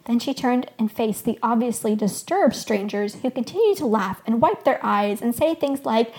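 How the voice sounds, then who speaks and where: A woman hosting a podcast, reading a fictional first-person story aloud with expressive storytelling. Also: on the high side, moderate pace, few pauses. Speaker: podcast host.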